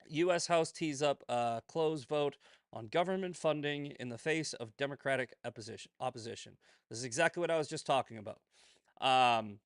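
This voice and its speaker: A man's voice: a little high, a bit bright, dry recording, studio quality. A man hosting a political commentary show, ranting in a profane, heated, combative way and often tagging on "right?" and "okay?".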